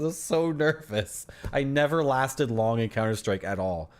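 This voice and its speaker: A man's voice: medium pitch, expressive, normal speed, noisy background. A man in his thirties giving casual, rambling commentary as he streams a game, chatting to his viewers and laughing often.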